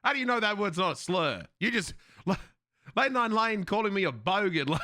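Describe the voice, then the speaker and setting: An Australian man chatting casually with his viewers on a live stream, loud and excitable, swearing freely. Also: high voice, dry recording, studio quality.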